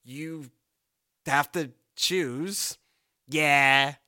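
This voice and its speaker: A man's voice: fairly high pitch, drawn-out words, clear, resonant tone, no room sound, studio quality. A man, a pastor, talking casually about scripture in a podcast, rambling and checking in with "right?". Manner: rambling, animated, lots of "right?".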